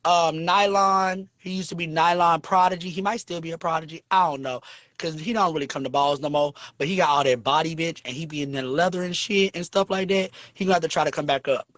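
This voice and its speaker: A man hosting a casual livestream, talking in a flamboyant, sassy and profane way, with big swings in pitch. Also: brisk, a bit bright, dry recording. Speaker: livestream host.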